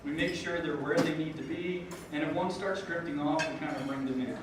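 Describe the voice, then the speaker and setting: A man's voice: a little high, fairly even intonation, fairly quick, background noise. A man, a school board member, gives an informal gala speech from a podium, talking casually with ums and self-deprecating jokes. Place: large banquet hall at a dinner gala. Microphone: podium microphone heard from a distance. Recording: very echoey hall, far from the mic, dishes clinking. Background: clatter of cutlery and dishes.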